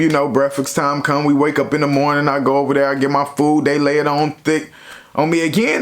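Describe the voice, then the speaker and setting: A young man casually telling a story from his own life to his viewers, in a slangy, relaxed way. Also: a little high. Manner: slangy, relaxed, lots of "you know". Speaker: YouTuber.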